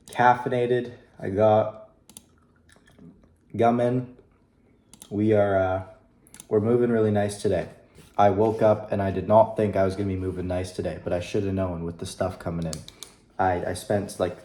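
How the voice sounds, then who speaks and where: Seated at his computer in an echoey room, this young vlogger addresses viewers in a loose video diary, cheerful and somewhat meandering, filling gaps with lots of fillers. His voice is fairly low and a little mellow, his intonation fairly flat, and he speaks at a normal pace with long pauses. Occasional keyboard clicks can be heard.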